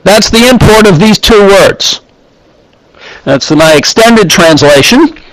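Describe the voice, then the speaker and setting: Slow, high-voiced man teaching scripture. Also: animated, a bit bright, no echo, low-quality recording. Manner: deliberate, pausing often, reads Hebrew phrases and explains them. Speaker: Bible teacher.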